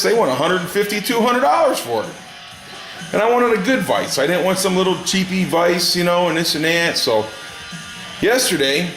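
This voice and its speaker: A middle-aged man with a slightly high, somewhat bright voice tells a rambling story while chatting in his garage workshop. He's a hobbyist vlogger with a folksy, drawling manner, and the space echoes.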